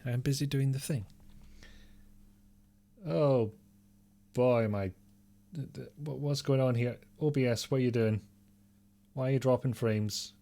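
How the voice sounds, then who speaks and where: An Englishman hosts a live game stream in a loose, rambling way, chatting to viewers and swearing mildly now and then. His voice sits at an ordinary middle pitch. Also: creaky, a little mellow. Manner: rambling, talks to chat, mild swearing. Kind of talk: casual live-stream chat.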